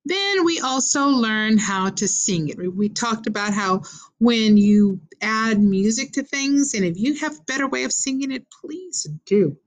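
A woman teaching a beginner Spanish lesson, slowly modeling words and prompting learners to repeat after her. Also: fairly high pitch, lively intonation. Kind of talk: call-and-response language lesson.

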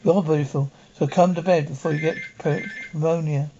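An actor playing an affectionate, teasing young husband and photographer in an old television drama, speaking in a fond, coaxing way. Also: male voice, on the high side, fairly even intonation, brisk, creaky, warm tone, slight background noise. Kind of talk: 1970s television drama acting. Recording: dull old television soundtrack.

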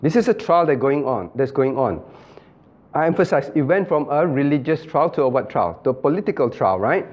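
A man's voice: mid-range voice, animated, a little fast, lo-fi sound. A man, a pastor, leading an interactive Bible study, calling on listeners by name, repeating phrases and acting out quoted dialogue.

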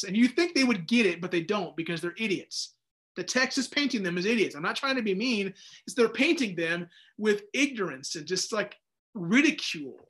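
High-voiced man teaching Bible study casually. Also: fairly bright tone. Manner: conversational, rambling, with frequent restarts and acted-out asides.

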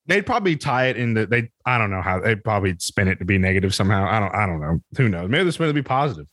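A man's voice: on the low side, big pitch swings, racing, a bit bright, dry recording. An American man, a podcast guest, in casual banter, rambling and laughing, profane. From United States.

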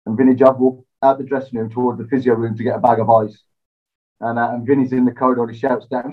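A relaxed man tells stories in an interview, self-deprecating and quick to laugh. His voice sits in a middle pitch, and the recording sounds a little dull and lo-fi. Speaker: interview guest, former footballer. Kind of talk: casual interview storytelling.

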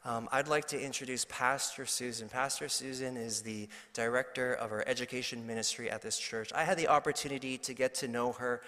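Man, pastor, church introduction, relaxed, long reverb of a big sanctuary. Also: medium pitch, a little fast, hardly any pauses.

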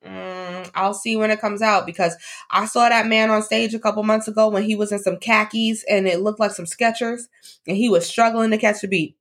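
A woman co-hosts a casual podcast chat. Her voice sits at a middling pitch, and she talks bluntly and teases, often repeating a line for effect. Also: fairly even intonation, fairly quick. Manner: blunt and joking, repeats her lines for emphasis. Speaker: podcast co-host.

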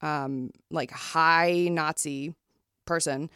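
A woman co-hosting a podcast, talking casually about a book with a halting manner and many fillers. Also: low-pitched, fairly even intonation, bright, forceful tone, clear, resonant tone, no echo, studio quality. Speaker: podcast co-host.

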